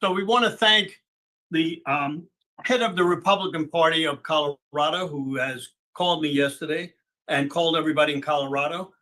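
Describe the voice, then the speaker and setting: A man's voice: a little high, a little fast, bright, forceful tone, poor audio. A man hosting a conference call in a loose, conversational way with some hesitation. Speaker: call host.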